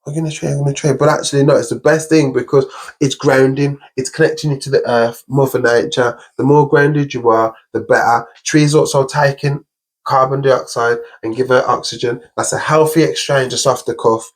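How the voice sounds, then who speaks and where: A man's voice: mid-range voice, steady tone, moderate pace. A young man hosting a podcast, talking earnestly and upbeat in casual conversation, often running through long lists. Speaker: podcast host.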